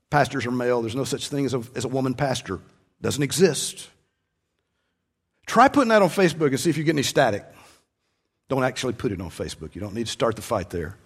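Here a male pastor's slightly rough voice sits on the high side. He preaches conversationally, rises forcefully on important points, and closes with a quiet prayer.

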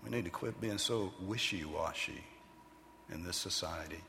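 A man preaching a sermon as pastor, animated and emphatic, sometimes putting on loud voices for the people he quotes. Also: low voice, normal speed, gravelly, long reverb tail, a little hiss or hum.

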